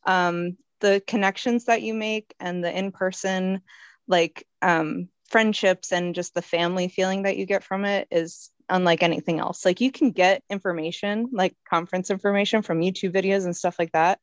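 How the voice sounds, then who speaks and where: A woman's voice: on the low side, fairly even intonation, moderate pace, clean tone, dry recording, dull audio. A woman on a group call, sharing her experience of a conference with earnest, heartfelt storytelling.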